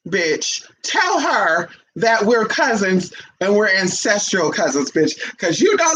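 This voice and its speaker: An unhurried, mid-range female voice tells stories over poor audio touched by a little hiss or hum. The vlogger keeps her monologue casual yet sassy and brash, calling her listeners honey and animatedly slipping into quoted voices.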